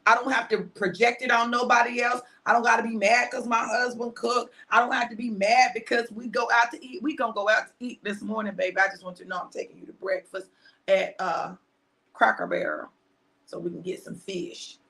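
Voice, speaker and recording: Gravelly, forceful woman in her fifties. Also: a little high, fairly even intonation, fairly quick. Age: 50s. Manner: emphatic and repetitive, preachy, jumps between loud and hushed asides. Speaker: motivational live-stream host. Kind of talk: casual motivational talk to viewers.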